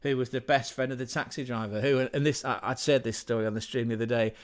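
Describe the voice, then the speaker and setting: A man's voice: medium pitch, fairly even intonation, fast. An English man chats loosely on his livestream, rambling through stories and swearing freely. He talks in a middle register, plain and conversational. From England. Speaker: livestream host. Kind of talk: casual livestream storytelling.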